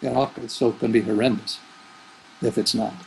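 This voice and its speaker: A man's voice: on the low side, steady tone, normal speed, vocal fry, slight background noise, low-quality recording. A man who is a spiritual teacher, giving rambling, thoughtful answers in an interview. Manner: rambling, thoughtful, with fillers and restarts.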